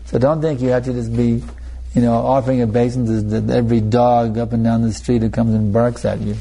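Creaky, mellow-voiced male preacher. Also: mid-range voice, little pitch movement, a little fast, few pauses, slight background noise. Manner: conversational, with frequent restarts and asides to listeners. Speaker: spiritual teacher. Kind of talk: anecdotal sermon.

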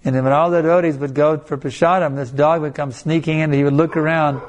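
A man's voice: mid-range voice, a little mellow, slight background noise. A man as a spiritual teacher telling stories and answering audience questions, with many restarts and laughs. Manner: storytelling with frequent restarts and laughs.

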